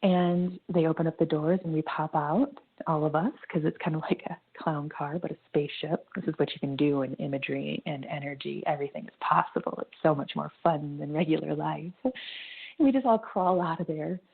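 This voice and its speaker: A woman guiding a meditation in a slow, soothing voice that drifts into whispers. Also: deep voice, creaky, breathy edge. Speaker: meditation guide. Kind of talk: guided meditation narration. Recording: tinny phone-like line.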